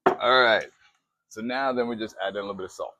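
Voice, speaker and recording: A man chatting through a casual cooking demo in his home kitchen, excitable and poking fun at himself. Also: fairly low pitch, fast talker, lo-fi sound. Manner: chatty, excitable, self-mocking. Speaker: cooking vlogger.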